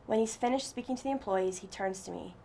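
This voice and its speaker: A woman reads a first-person story aloud, steady and earnest. Her voice sits at a middle pitch with a gravelly texture, and there is a faint noise behind it. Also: fast. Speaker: story reader.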